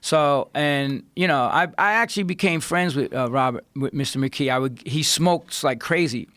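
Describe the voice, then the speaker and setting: A man tells rough, profane stories as a podcast guest. His voice sits a bit high, and the studio sound is close and dry. He keeps jumping into other people's voices as he talks. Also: normal speed, dry recording. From New York. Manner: profane, animated, swings his voice up for quotes. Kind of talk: casual storytelling.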